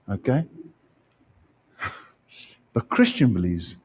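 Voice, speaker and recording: Brief: male pastor, animated sermon, husky tone, muffled church recording. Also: medium pitch, unhurried. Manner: animated, acts out scenes, rhetorical questions.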